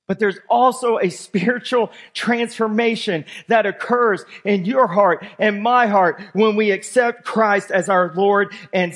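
A man's voice: sits high, a bit bright. A male pastor preaching a sermon. He reads scripture aloud and talks emphatically as he walks his congregation through the verses.

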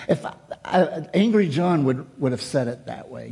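A man's voice: a little high, expressive, measured pace, creaky, dark tone. A man preaching a sermon, reading scripture aloud and explaining it with rhetorical questions and repetition.

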